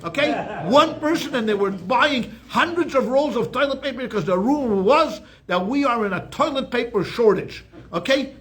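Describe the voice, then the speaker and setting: Male rabbi with a high-pitched voice, chatty and joking as he teaches a class. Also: expressive, moderate pace, few pauses, a bit bright. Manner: chatty storyteller, keeps asking "okay?"; frequent restarts and repeated words. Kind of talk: weekly Torah class with jokes.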